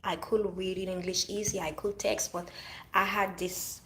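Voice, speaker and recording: A woman's voice: medium pitch, level tone, moderate pace, sharp tone, reverberant, a little hiss or hum, rough recording. Earnest woman with a French accent. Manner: earnest, repeats and restarts phrases. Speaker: vlogger. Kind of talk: casual motivational monologue.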